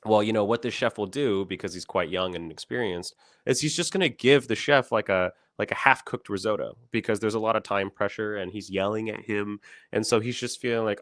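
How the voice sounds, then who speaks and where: A man's voice: fairly low pitch, a little fast, a bit bright, dry recording, studio quality. A young man hosting a casual livestream, rambling with many fillers and restarts and laughing often. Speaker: company founder hosting a livestream.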